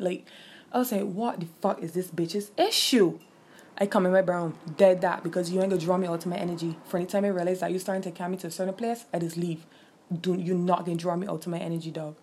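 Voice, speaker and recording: A woman telling a heated, profane story to her viewers in a casual rant, jumping high in pitch when she quotes herself. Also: a little mellow, slightly rough. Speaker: streamer venting to viewers.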